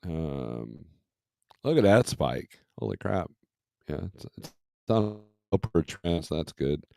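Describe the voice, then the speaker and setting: Laid-back deep-voiced trucker host. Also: male voice, big pitch swings, takes it slowly, gravelly, warm tone. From Michigan. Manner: laid-back, rambling, reads load listings aloud. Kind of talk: casual livestream commentary.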